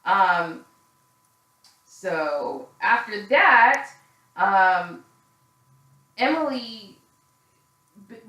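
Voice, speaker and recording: Bright-voiced woman in an echoey room. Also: medium pitch. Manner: candid and gossipy, swears freely, frequent fillers. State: tired. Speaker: reality TV recap reviewer. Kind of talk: casual opinionated recap.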